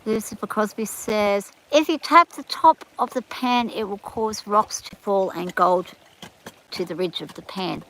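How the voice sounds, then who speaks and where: A woman's voice: medium pitch, unhurried, a bit bright, slight background noise, rough recording. A woman with a rural Australian accent, hosting a live stream outdoors and chatting casually as she reads viewer comments aloud and answers them. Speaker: livestream host reading chat.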